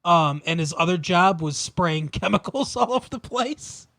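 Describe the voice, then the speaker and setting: Guy recapping a tv episode, kinda high voice, dry close sound, chuckles a lot. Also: animated, moderate pace, vocal fry, sharp tone, no room sound. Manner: rambling, laughs often, many fillers. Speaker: podcast co-host. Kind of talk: casual chat recapping a TV episode.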